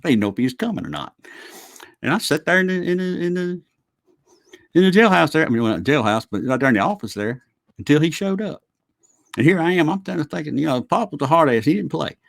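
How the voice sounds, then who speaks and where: A man's voice: fairly high pitch, big pitch swings, quick pace, gravelly, no room sound. A middle-aged man telling stories in a casual, rambling way, chuckling and swearing as he looks back on his youth. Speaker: vlogger. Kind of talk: casual storytelling.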